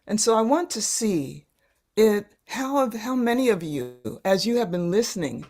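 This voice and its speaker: A woman leading a live online workshop over a video call, speaking gently and haltingly, repeating words as she searches for them. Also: mid-range voice, sing-song. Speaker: workshop facilitator.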